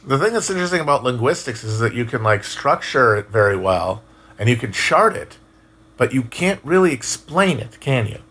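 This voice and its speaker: A man casually talking on a live stream and answering chat, musing out loud, swearing now and then, with frequent restarts. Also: mid-range voice, sing-song, moderate pace, breathy edge. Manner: rambling, musing, profane, many restarts.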